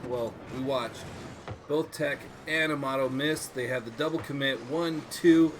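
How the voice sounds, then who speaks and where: A man adds dry, teasing color commentary to a live video game match, answering his partner in short quips. His pitch sits in the ordinary middle range. Steady game noise plays underneath. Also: measured pace. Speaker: esports co-caster.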